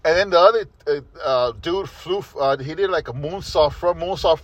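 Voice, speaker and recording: A man telling a rambling, excited story to a friend in casual chat, swearing freely. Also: on the high side, moderate pace, no room sound, highs cut off.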